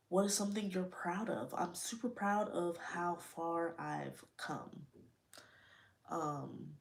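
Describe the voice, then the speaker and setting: A woman's voice: fairly low pitch, creaky. A young woman hosting her own podcast, talking openly and casually in slangy speech, straight to her listeners. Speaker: podcast host. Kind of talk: casual personal talk.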